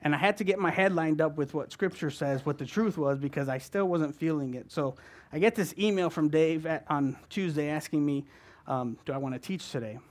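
Fast-talking preacher man, fairly high voice. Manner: fast-talking, keeps asking "right?". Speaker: guest preacher. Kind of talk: conversational sermon.

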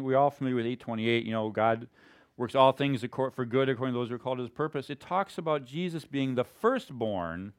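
A male pastor giving a conversational, emphatic sermon. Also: medium pitch.

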